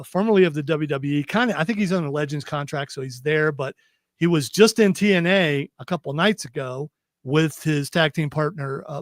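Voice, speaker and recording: A man's voice: a little high, dry recording. Chatty male radio host, dry studio sound. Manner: chatty, rambling, with many restarts. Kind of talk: casual radio talk.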